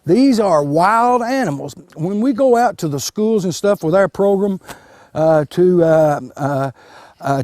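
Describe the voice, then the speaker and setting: Folksy, animated man teaching kids. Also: high-pitched, no echo, studio quality. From Kentucky. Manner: folksy, animated, repeats and restarts words with many fillers. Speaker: wildlife extension educator. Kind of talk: live outdoor demonstration to children.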